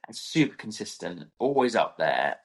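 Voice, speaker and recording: A man's voice: on the low side, big pitch swings, moderate pace. Gushing, enthusiastic male podcast co-host. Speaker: podcast co-host, event rider. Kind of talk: casual chat.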